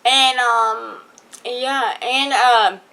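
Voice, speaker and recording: A woman's voice: a little high, steady tone, very slow, pushed and bright, rough recording. A teenage girl telling a personal story to her viewers in a chatty, rambling way. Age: teens. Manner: chatty, rambling, many fillers. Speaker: vlogger. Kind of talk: casual story time.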